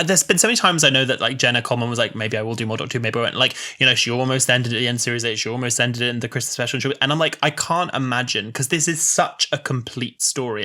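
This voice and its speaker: Bright-voiced young man gushing on a podcast. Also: medium pitch. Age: 20s. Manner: gushing, animated fan enthusiasm. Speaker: podcast co-host. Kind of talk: casual chat.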